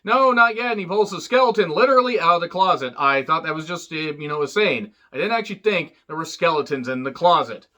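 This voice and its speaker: A man with a fairly high, bright, forceful voice talks through a film review in a loose, offhand way. He rambles, swears freely, drops wisecracks and fills the gaps with "you know" and "uh". When he acts out the characters' lines, his pitch jumps up. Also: animated, fast talker, few pauses, lo-fi sound. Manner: rambling and profane, with many fillers and wisecracks. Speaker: movie reviewer. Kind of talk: casual spoken film recap.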